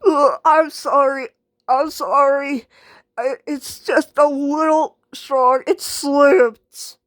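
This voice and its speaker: A woman playing a sick, whiny girl who has lost her voice, crying and hoarse, whimpering and apologetic, in a homemade skit. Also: sits high, fairly even intonation, drawn-out words, dry recording. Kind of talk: homemade skit role-play.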